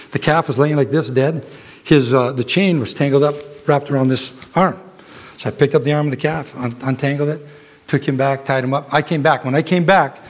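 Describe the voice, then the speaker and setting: A man's voice: fairly high pitch, breathy edge. A middle-aged man preaching a folksy sermon, rambling through a ranch story with chuckles and talking straight to his congregation.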